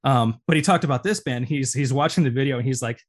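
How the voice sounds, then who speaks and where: A man's voice: medium pitch, fast. Male podcast co-host, mid-range voice, casual and enthusiastic, rambling delivery. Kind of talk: casual chat.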